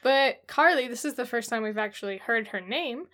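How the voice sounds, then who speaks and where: Give me a woman with a fairly high voice reading romance blurbs with wry, giggly drama. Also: animated, normal speed, fairly bright tone. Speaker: podcast co-host. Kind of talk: comedic reading of romance synopses.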